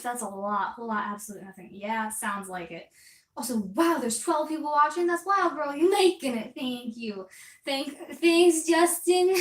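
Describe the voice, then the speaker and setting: A woman's voice: on the high side, far from the mic. A young woman in her twenties chatting casually on a live stream while she paints, rambling and reading out viewer comments. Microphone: distant mic, moves around while working. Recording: roomy echo, voice off-mic.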